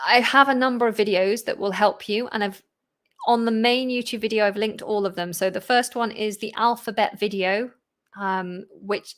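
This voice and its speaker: A woman, an English teacher, hosting a live question-and-answer stream, reading viewer questions and answering them with fillers and quick asides. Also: mid-range voice. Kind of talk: live-stream Q&A, chatty and unscripted.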